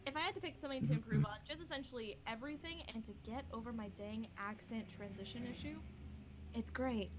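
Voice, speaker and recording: A woman's voice: on the high side, fast, background noise. A woman hosting a casual podcast, chatty and self-deprecating, often laughing at herself. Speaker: podcast host.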